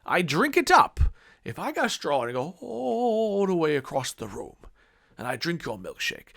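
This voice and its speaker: A man putting on an impression of a ruthless middle-aged oil tycoon, drawling and swinging from hushed to loud. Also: on the high side, wildly swooping pitch, moderate pace, vocal fry, full character voice. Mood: menacing.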